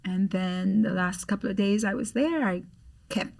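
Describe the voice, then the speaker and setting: A middle-aged woman from Grenada with a Grenadian accent, a podcast guest telling a story in an animated way and acting out the voices she quotes. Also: mid-range voice, normal speed, vocal fry, distant mic. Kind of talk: storytelling in conversation.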